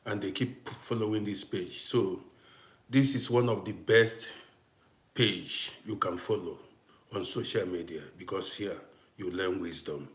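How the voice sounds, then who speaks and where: A man's voice: low voice, unhurried. African man live-streaming, roomy sound. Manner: talks to viewers in chat, grows heated and loud answering a critic. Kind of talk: casual live-stream chat. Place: home in Austria.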